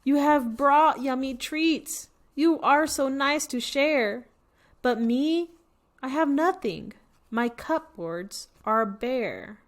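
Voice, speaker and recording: A woman's voice: high voice, animated, slow, voice pushed up. A woman voicing a sad, sighing bear with empty cupboards in a picture book. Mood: glum. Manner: sighing, mumbling. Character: sad bear who has nothing to share.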